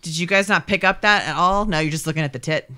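A woman's voice: on the low side, fast talker, pushed and bright, smooth. A woman co-hosting a podcast, giving blunt, exasperated opinions on a film in casual chat. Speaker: podcast co-host. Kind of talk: casual movie review chat.

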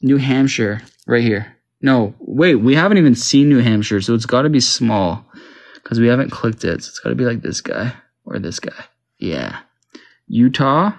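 A man's voice: mid-range voice, expressive, moderate pace. A man from Canada, casually talking to himself while playing a map quiz game, confused and joking. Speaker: gamer. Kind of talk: casual gaming commentary.

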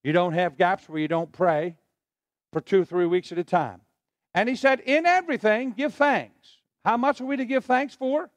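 Male pastor, middle-aged, high animated delivery, call-and-response sermon, dry close sound. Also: normal speed, dry recording. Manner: preaching with call-and-response to the congregation. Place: church sanctuary.

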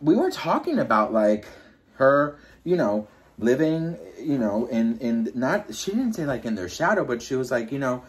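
A man's voice: sing-song, normal speed. Chatty gossiping man telling a story. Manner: chatty, gossipy, full of "like" and "you know"; breaks into high-pitched impressions when quoting people. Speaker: YouTuber. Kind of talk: casual storytime chat.

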